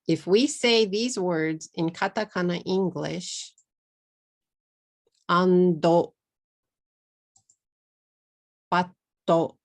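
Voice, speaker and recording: A middle-aged woman with a Texas accent teaching English pronunciation, repeating words slowly and clearly for learners. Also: lowish voice, a little mellow. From Texas, USA. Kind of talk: pronunciation lesson.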